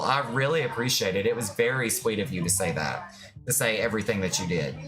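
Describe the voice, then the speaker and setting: A streamer in casual live-stream chat, giving tarot readings and talking to viewers in a warm, reassuring way. The voice sits at a middle pitch, and clear music plays underneath the whole time. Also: animated, fast talker. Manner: affectionate, reassuring, calls viewers "my love".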